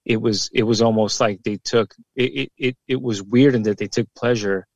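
A man's voice: medium pitch, steady tone, normal speed, dry recording. A former police officer in his forties, talking bluntly and emphatically in a casual podcast conversation, with plenty of swearing and repeated words.

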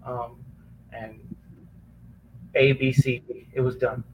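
A man tells a deeply personal story in a halting, earnest way, full of restarts and pauses. He sounds choked up, close to tears, at an ordinary middle pitch. A faint hiss of noise sits under the voice. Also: flat delivery, muffled recording. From Chicago area. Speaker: podcast guest, former police officer. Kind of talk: emotional personal testimony.

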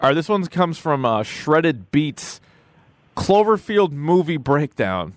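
A man co-hosting a podcast, chatting casually about movies and reading out listener emails, animated, with mocking put-on voices. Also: on the high side, slow pace, no room sound.

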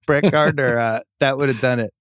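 A man's voice: medium pitch, fairly even intonation, brisk, fairly bright tone, dry recording, clean studio sound. A man hosting a casual podcast chat, ranting emphatically about sports. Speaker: podcast host.

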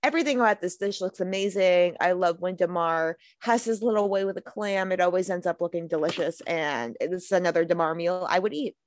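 A woman's voice: on the low side, fairly quick, hardly any pauses, no echo. Woman, podcast co-host, enthusiastic, dry close sound. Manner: enthusiastic, gushing about food. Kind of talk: casual chat.

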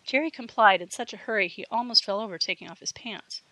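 A woman reading a fiction audiobook with steady storytelling narration. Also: mid-range voice, fast, no room sound, low-quality recording.

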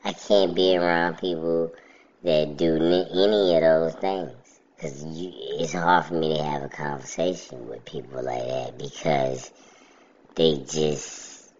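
A man's voice: extremely low pitch, steady tone, measured pace, a little mellow, highs cut off. A man in casual chat, ranting bluntly about things that annoy him.

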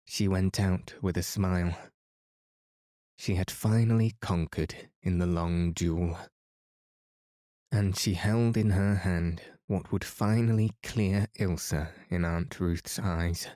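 A man reading a novel aloud calmly for a sleep podcast. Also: low voice, slow pace, dry recording, studio quality. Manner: calm, soothing reading. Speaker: podcast narrator. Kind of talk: bedtime audiobook narration.

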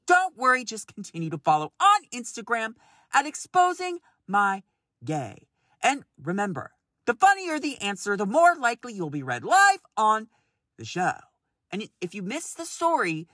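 A man in his thirties hosting a solo podcast, talking in an animated, exasperated way, swearing freely and laughing often. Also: high-pitched, a little slow, dry recording, studio quality. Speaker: podcast host.

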